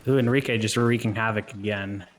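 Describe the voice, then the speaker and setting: A man's voice: lowish voice, steady tone, a little fast. A man co-hosting a live stream and commentating a competitive video game match, joking and laughing often between play-by-play.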